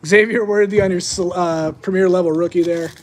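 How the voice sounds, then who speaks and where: A man's voice: high-pitched, fairly even intonation, brisk. A young man hosting a live-streamed sports card break, chatting casually to his viewers as he opens packs.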